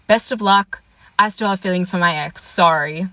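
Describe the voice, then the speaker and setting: A woman's voice: on the low side, normal speed, sharp tone, dry recording. A young woman casually telling a story about a bad date, chatty and exasperated, acting out both sides of the conversation. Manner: chatty, exasperated retelling with quoted dialogue. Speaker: storytime vlogger.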